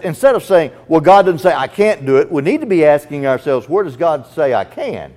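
A man's voice: on the high side, a little mellow. A man preaching a sermon, earnest and emphatic, speaking straight to the listener as a friend.

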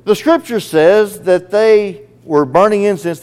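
A man's voice: high voice, a little slow, hardly any pauses, a little mellow, clean tone. A man preaching a sermon, earnest and emphatic, speaking straight to the listener as a friend.

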